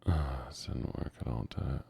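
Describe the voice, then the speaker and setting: A male streamer speaking in a put-on Southern accent, with a gravelly, chest-rumbling voice, talking slowly and softly to chat in an ASMR gaming stream. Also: slight background noise. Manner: slow, murmured, talks to chat while playing.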